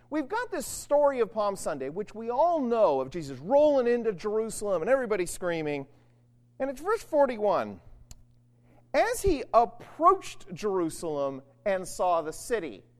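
Animated preacher teaching from the bible, voice jumps all over, keeps saying right?, long echo like a big church hall. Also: mid-range voice. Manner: conversational, keeps checking in with "right?"; animated, swings between loud and hushed. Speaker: preacher teaching on the Gospel of Luke. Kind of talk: conversational Bible teaching sermon.

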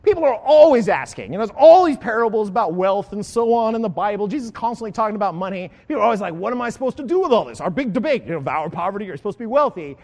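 A man preaching a sermon in a conversational, animated way, acting out the voices of the people he quotes. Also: high voice, rapid-fire, few pauses. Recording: long hall reverb.

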